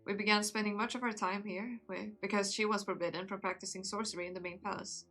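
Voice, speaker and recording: A woman's voice: medium pitch, steady tone, fast talker, sharp tone, soft background music. Lucius, a rueful vampire nobleman, read by a woman. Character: rueful young nobleman turned vampire, a queen's son. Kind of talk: reading a visual novel aloud.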